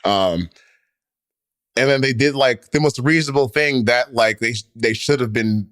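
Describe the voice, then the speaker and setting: A man's voice: mid-range voice, a little slow, a bit bright, dry recording, clean studio sound. A man co-hosting a sports podcast, talking casually and rambling through his points with lots of fillers. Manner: rambling, heavy on fillers and restarts. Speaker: podcast co-host.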